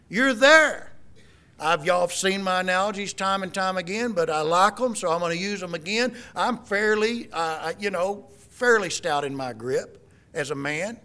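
A man's voice: high voice, measured pace, sharp tone. A middle-aged man preaching a sermon, quoting scripture in an emphatic, folksy way. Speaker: pastor.

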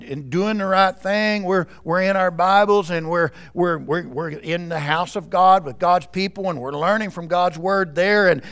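High-voiced male pastor preaching. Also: a bit bright, clear, resonant tone. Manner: earnest, addresses the congregation directly. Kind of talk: sermon. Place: church service.

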